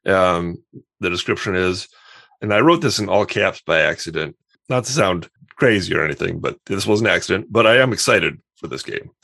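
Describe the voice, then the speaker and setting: A man's voice: low-pitched, expressive, moderate pace, vocal fry, bright, forceful tone, no room sound, studio quality. A man co-hosting a casual podcast, talking through video games with thoughtful enthusiasm and frequent restarts. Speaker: podcast co-host. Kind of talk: casual chat.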